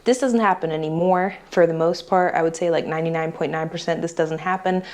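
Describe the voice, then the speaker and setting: A woman from the United States talking casually to her viewers, chatty and animated, acting out the voices of people in her story. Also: deep voice, a little fast. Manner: chatty, animated, acts out quoted dialogue. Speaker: vlogger.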